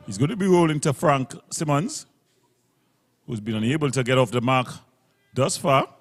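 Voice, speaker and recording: Broadcasting live from a local cricket ground, this male commentator works through each delivery at a mid pitch, briskly laying out the field placings and catching his own slips. He sounds expressive, and a long reverb trails his words.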